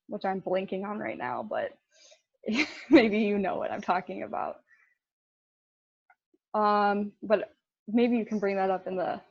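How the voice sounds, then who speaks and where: A woman's voice: fairly high pitch, dry recording, lo-fi sound. A young woman giving a casual intern presentation, chatty, with fillers and laughs at her own slips.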